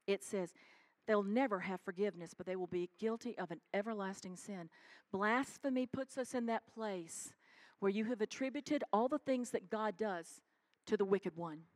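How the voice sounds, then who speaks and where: A woman pastor preaching a sermon in church, animated and calling out to the congregation. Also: medium pitch, normal speed. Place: church sanctuary.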